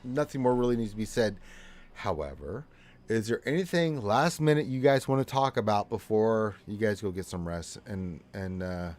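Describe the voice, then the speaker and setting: A man's voice: fairly low pitch, normal speed, darkish tone. A man running a tabletop game as game master, exasperated and explaining the lore at length.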